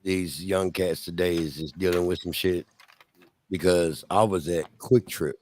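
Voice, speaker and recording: A man's voice: low voice, steady tone, measured pace, a little mellow, slight background noise. A man on a casual podcast, telling stories in a dry, laid-back way with some swearing. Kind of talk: casual chat.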